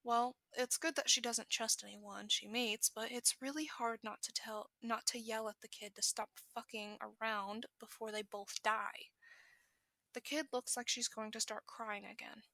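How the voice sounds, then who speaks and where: Bright woman reading fan fiction aloud. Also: a little high, fairly even intonation, gravelly, no room sound. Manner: brisk reading with self-corrections. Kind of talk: podfic narration.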